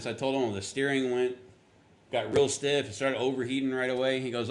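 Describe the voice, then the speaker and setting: Male pastor, mid-pitched, chatty storytelling sermon, voices the people in his anecdote. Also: level tone, a little fast. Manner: conversational storytelling, acts out quotes with rising pitch.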